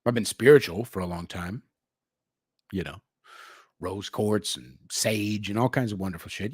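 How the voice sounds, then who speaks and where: Brash young male livestream host, profane and slangy, bursts loud then drops low, very animated delivery. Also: moderate pace, long pauses, husky, no room sound. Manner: jumps between shouting and low asides. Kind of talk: unscripted livestream rant.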